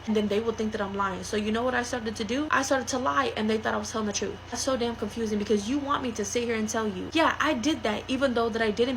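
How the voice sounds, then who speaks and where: A woman's voice: on the high side, slight background noise. A woman giving a blunt, heated monologue to her viewers, speaking her mind. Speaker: vlogger. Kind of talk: opinionated monologue to camera.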